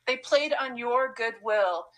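A woman's voice: on the high side, takes it slowly, fairly bright tone, poor audio. A woman hosting a talk show, speaking in an earnest, supportive way. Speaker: podcast host. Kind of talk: casual talk show chat.

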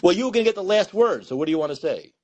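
A man's voice: high voice, expressive, rapid-fire, a little mellow, a little hiss or hum. A man hosting a call-in show, laughing, teasing and often repeating himself. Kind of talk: casual call-in chat.

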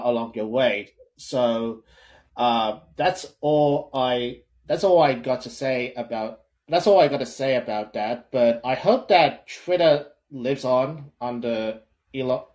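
A man's voice: mid-range voice, a little mellow. Hesitant man chiming in on a podcast. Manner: hesitant, halting, many fillers. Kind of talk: casual podcast talk.

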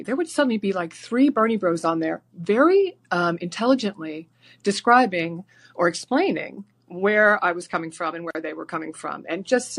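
A woman calling in to a talk show, rambling excitedly with many fillers and restarts. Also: fairly low pitch. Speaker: caller.

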